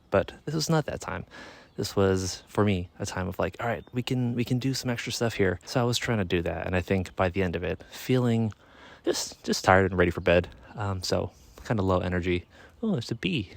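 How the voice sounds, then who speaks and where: Gravelly-voiced man in his thirties, rambling. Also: deep voice, a little fast. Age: 30s. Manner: rambling, self-correcting, wry. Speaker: musician vlogger. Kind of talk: casual reflective vlog. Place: outdoors in a yard on a sunny day.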